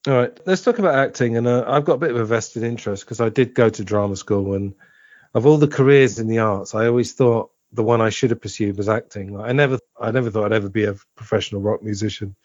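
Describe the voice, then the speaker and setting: A man hosting a podcast, chatting casually and reminiscing with a quick laugh. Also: fairly low pitch, darkish tone, no echo. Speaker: podcast host. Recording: dull, dry lo-fi audio.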